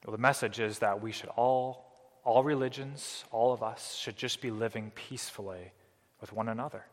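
A man's voice: mid-range voice, steady tone, moderate pace. A man preaches an earnest sermon, explaining scripture with a voice that swells and drops for emphasis. His mid-range voice rings out with a long reverb that fills the hall around him. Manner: earnest preaching, rising and falling dynamically. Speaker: pastor.

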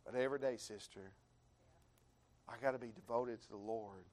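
An American man preaching a sermon in a church, building his repeated phrases up into fervent shouts while the congregation answers with amens. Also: medium pitch, moderate pace. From United States. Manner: rising to fervent shouts, repetitive rhythmic phrasing.

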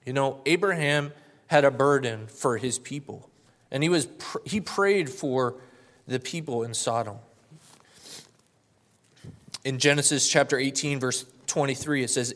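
A young man preaches from his own story in an earnest, heartfelt voice. He swells to fervent emphasis on key words and settles back into plain testimony. His pitch sits in the middle of the range. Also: moderate pace, a bit bright. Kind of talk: personal testimony and sermon.

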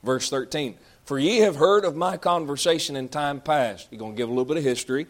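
A man's voice: a little high, brisk. Folksy man preaching through scripture. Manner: reads scripture aloud then explains it in folksy asides. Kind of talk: sermon.

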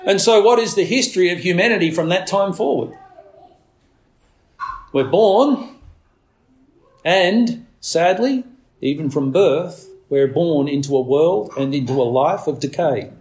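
A man's voice: unhurried, pauses often, darkish tone. A man preaching a sermon in an earnest tone, who now and then mimics a demanding baby. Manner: earnest preaching, acts out a baby's demands in a shrill voice. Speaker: pastor.

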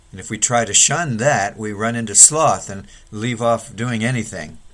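A man preaching a sermon, measured and earnest, rising sharply when he voices the complaints he quotes. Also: medium pitch, fairly bright tone. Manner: measured preaching with sudden raised pleading quotes.

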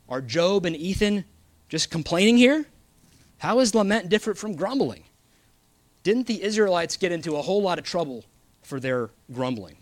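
A man's voice: fairly high pitch, no room sound. A man preaching a sermon, earnest and emphatic, reading scripture aloud.

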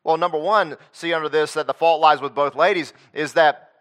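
A man with a somewhat high, slightly bright voice preaches a sermon at a brisk clip, keeping his tone steady. His style is conversational, posing questions to the congregation and repeating his points.

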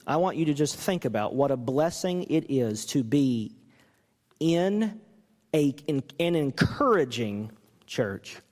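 Male pastor mid-sermon, lively swinging delivery, reverberant sanctuary. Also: medium pitch, slow pace. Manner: animated, acts out quoted coaches with rising voice.

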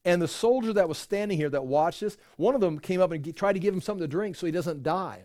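A man with a fairly high voice teaches scripture in a loose, conversational way. He often restarts sentences and drops in rhetorical asides. The sound is dry and close, with no room echo. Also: lively intonation, quick pace, darkish tone. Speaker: Bible teacher.

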